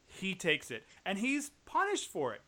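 A man co-hosting a casual podcast chat about a TV show, animated and sometimes exasperated. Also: high voice, moderate pace. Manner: animated, rising to exasperated outbursts. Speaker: podcast co-host.

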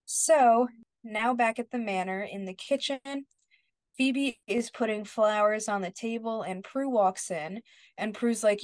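A woman's voice: medium pitch, fairly even intonation, measured pace, no room sound. Woman recapping scenes in a dry room. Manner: retells scenes, quoting characters. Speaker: podcast co-host. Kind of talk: casual recap chat.

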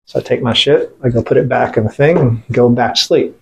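This mid-range male voice moves fairly quickly, with vocal fry, a darkish tone, and a little background noise. The speaker is a military veteran being interviewed as a guest, and his storytelling is blunt, profane, and rambling, full of restarts, fillers, and quotes from others.

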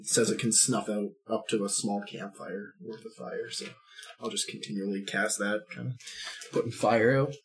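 Man, tabletop player, low voice, casual, halting, faint background noise. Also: a bit bright, rough recording. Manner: casual, halting, with many fillers. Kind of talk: casual tabletop game play.

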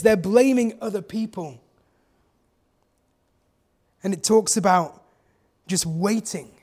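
A man preaching a sermon in a conversational way, often asking his listeners questions. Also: high-pitched.

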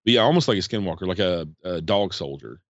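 A man's voice: sits low, expressive, quick pace, no room sound, muffled recording. A man, chatting casually on a podcast and rambling with many fillers. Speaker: podcast host. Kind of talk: casual chat.

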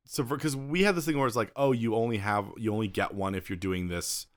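A man with a slightly low voice chatting on his podcast. He rambles and corrects himself as he thinks aloud, and laughs readily between points. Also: brisk. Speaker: podcast co-host and author. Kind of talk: casual chat.

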